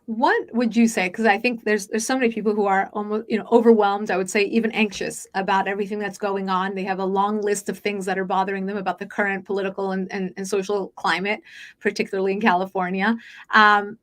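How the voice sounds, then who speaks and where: A woman hosting a podcast interview, talking fast and chatty with many fillers and restarts. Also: medium pitch, flat delivery. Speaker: podcast host. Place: Los Angeles.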